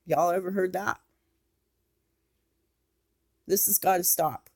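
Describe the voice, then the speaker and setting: Woman vlogger, impassioned and scolding, slow delivery. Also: on the low side, steady tone. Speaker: YouTube commentator. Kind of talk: angry commentary vlog.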